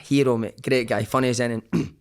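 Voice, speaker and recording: A man's voice: medium pitch, steady tone, a little fast, clean tone. A man, a former footballer, telling laddish anecdotes as a podcast guest, swearing freely and calling everyone mate. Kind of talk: casual storytelling chat.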